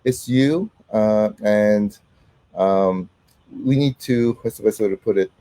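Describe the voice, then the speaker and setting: A man's voice: lowish voice, no echo. Sick man hosting a casual livestream. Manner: halting, heavy with um and uh, warm greetings to viewers. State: sick, voice not fully back. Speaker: host.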